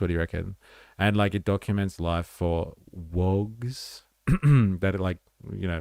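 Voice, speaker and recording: Chatty Australian man streaming, low and gravelly. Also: darkish tone, no echo, studio quality. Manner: chatty, slangy, reacts to chat. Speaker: livestream host. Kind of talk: casual livestream commentary.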